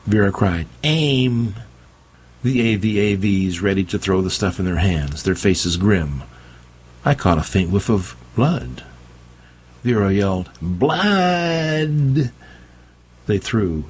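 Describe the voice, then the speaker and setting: A man's voice: sits low, breathy edge. A man narrating an audiobook in a dry, wry storytelling manner. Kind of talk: scripted narration.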